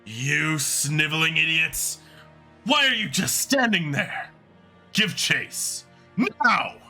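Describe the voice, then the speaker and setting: A pompous bullying army commander, voiced by a man in a game let's-play, snapping at his troops with lively swings in pitch and a bright, forceful edge. he sneers and barks like he owns the place. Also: slow pace, faint music behind, heavily acted. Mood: scornful, barking. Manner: sneering, barking orders.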